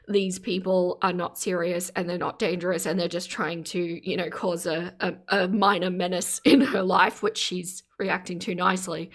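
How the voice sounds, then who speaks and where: A woman live streaming from her phone, commenting casually and exclaiming in sympathy as she reads her chat aloud. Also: lowish voice. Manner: earnest, exclaims in sympathy while reading chat. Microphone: phone camera.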